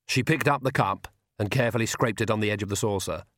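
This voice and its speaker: A male audiobook narrator reading a comic fantasy novel in a measured, steady storytelling voice. His pitch is an ordinary middle range, and the recording is dry and close with no room sound. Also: no room sound. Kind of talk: scripted narration.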